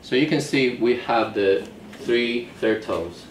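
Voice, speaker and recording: Heard from far away in a reverberant classroom with faint noise, a man gives a Chinese lecture at a measured pace in a mid-range voice. He patiently breaks the rules down step by step and checks that students get it.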